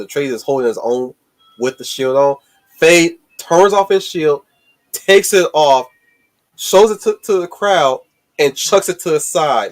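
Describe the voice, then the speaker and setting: A man in mid pitch talks over a film he just saw, ranting and stumbling over his words in his excitement. He hosts a loose, casual stream chat. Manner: excited, rambling, many restarts and swearing. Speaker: host. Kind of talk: casual movie discussion on a stream.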